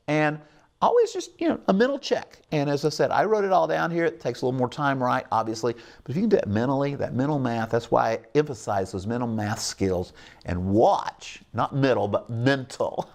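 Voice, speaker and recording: A man's voice: fairly high pitch, creaky. A middle-aged man hosting a televised math lesson, upbeat and coaxing, often checking in with his viewers. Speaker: math teacher hosting a call-in show.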